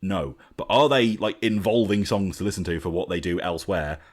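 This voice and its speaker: A man's voice: sits low, brisk. A man hosting a podcast, chatting casually and animatedly about an album with many fillers and restarts. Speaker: podcast host. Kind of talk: casual album review chat.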